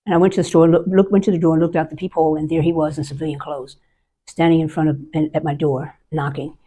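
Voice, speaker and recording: Brief: veteran woman in her 60s, lowish voice, candid and emotional storyteller. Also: little pitch movement, fast, mellow, husky. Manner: candid, emotional, vivid recounting. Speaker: army veteran guest. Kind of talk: personal storytelling.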